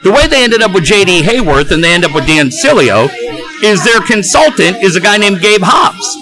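Casting note: middle-aged man with a high voice, animated and profane, music clearly behind. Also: normal speed, low-quality recording. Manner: animated, profane, acts out quoted dialogue. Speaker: radio host as guest. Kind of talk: casual storytelling.

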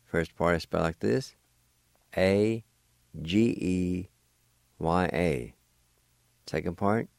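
Slow, gravelly-voiced man teaching a language. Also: low-pitched, darkish tone, dry recording. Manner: slow, deliberate, spells words letter by letter. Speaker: radio host and language teacher. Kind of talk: radio language lesson.

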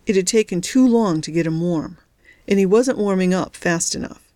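Woman narrating a novel, lowish voice, steady pace, dry close recording. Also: normal speed, no echo. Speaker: audiobook narrator. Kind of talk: scripted narration.

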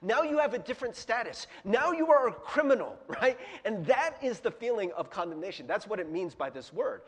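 Preaching informally in a projector-equipped church hall, a man addresses his small congregation with questions and frequent laughter, sermon-as-conversation style. His high voice swings widely in pitch, moves fairly quickly and sounds slightly rough in the big-room acoustics.

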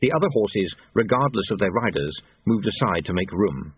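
A man narrating an audiobook in an expressive, wide-ranging way. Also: on the low side, moderate pace, husky, dry recording. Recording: tinny lo-fi phone-like audio.

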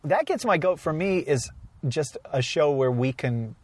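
A man's voice: on the high side, very animated, a little slow, dry recording. A man co-hosting a podcast in casual chat, rambling through stories and laughing often. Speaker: podcast co-host.

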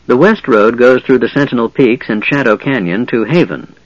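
A man voicing a calm, wise half-elf leader who speaks in a measured, firm way. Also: medium pitch, dry recording, dull audio, close to an everyday voice.

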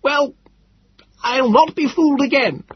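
A man voicing a frail, frightened old man who hurls scornful insults in a shrill, strained voice. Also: unhurried, lo-fi sound. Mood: bitter. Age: older. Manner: hurling insults.

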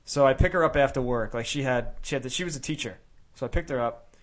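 A man's voice: mid-range voice, fast. A man telling a long story in casual podcast chat, acting out what he and others said. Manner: animated storyteller acting out his own quotes. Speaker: storyteller guest.

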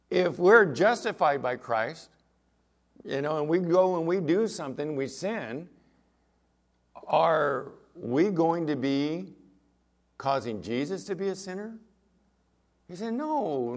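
Animated preaching man. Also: fairly high pitch. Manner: emphatic preaching, rhetorical questions to the congregation. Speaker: pastor. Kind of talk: sermon.

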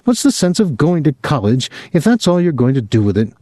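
A man's voice: on the high side, big pitch swings, brisk, warm tone, no room sound, clean studio sound, pitched above the performer's own voice. A man doing an upset young woman near tears. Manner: heated, quavering.

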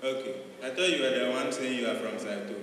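A man with a mid-range voice talks fast, doing stand-up at a live comedy venue in a loose, chatty style packed with fillers. The recording is noisy and roomy, captured in a hall far from the mic.

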